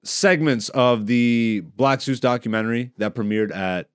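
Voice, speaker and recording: A man's voice: medium pitch, measured pace, smooth, no echo. A man hosting a podcast in a studio, talking in a loose, rambling, joking way. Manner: rambling, joking, laid-back. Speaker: podcast host. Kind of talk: casual podcast chat. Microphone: studio microphone.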